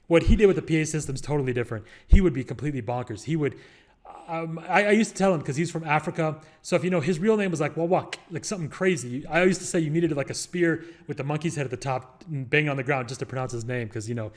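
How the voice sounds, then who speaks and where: Fast-talking man rambling through advice. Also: a little high. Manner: rambling, joking, many fillers and restarts. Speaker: real estate investor and show host. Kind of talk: casual advice monologue.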